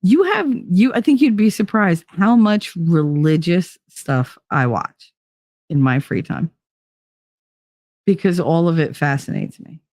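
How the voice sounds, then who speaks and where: A woman's voice: fairly low pitch, animated, unhurried, darkish tone, no echo. Jersey woman rambling to her stream chat, swears a lot, dry close sound. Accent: New Jersey. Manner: blunt, profane, rambling and laughing. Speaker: livestream host. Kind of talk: casual chat with live viewers.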